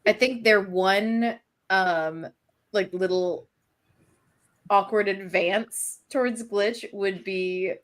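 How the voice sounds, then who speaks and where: A woman's voice: mid-range voice, takes it slowly. A woman describing her character in a tabletop role-playing stream, loose and full of fillers. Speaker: player.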